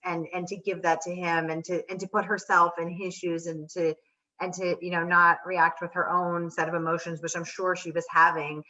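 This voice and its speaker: A woman's voice: on the low side, flat delivery, normal speed, sharp tone. A woman hosting an interview, effusive and gushing with praise for her guest. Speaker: host interviewer. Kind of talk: casual interview chat. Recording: slightly dull lo-fi audio.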